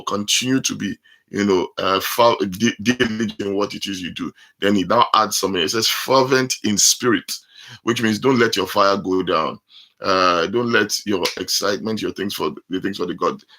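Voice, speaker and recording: A pastor preaching a sermon, explaining scripture line by line with many fillers. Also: male voice, lowish voice, a bit bright.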